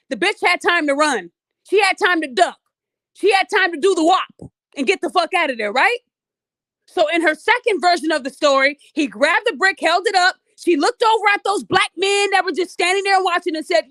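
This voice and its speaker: A woman's voice: very high voice, expressive, moderate pace, fairly bright tone, no echo, studio quality. A woman podcast host giving blunt, profane commentary straight to her audience. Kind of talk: ranting commentary.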